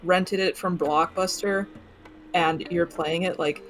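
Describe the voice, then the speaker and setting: Slow-talking rambling woman guest. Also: on the low side, fairly even intonation, faint music behind. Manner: rambling, profane, laughs easily. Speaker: co-streamer guest. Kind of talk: casual chat.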